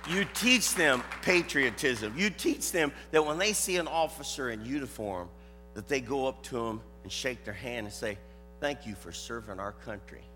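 Folksy older Southern preacher in a hall. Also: male voice, medium pitch. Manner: folksy, animated, loud. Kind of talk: sermon with a live dog demonstration.

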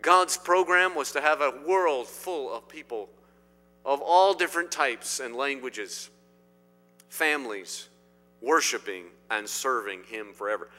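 Emphatic preacher in an echoing church. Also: male voice, mid-range voice, measured pace, soft background music. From Indiana. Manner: emphatic, swinging between loud declarations and quiet asides. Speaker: pastor. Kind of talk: sermon. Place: church sanctuary. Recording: long hall reverb.

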